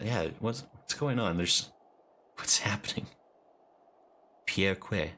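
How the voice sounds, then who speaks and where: A man's voice: sits low, slow pace, pauses often, bright, forceful tone. A man streaming a game, joking around and chatting with his viewers. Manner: playful, chats with viewers. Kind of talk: casual live-stream commentary.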